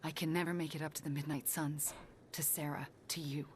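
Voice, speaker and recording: A woman playing a soft-voiced remorseful sorceress. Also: sits low, level tone, a little fast, slight background noise, natural voice. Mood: earnest. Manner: soft, breathy and earnest.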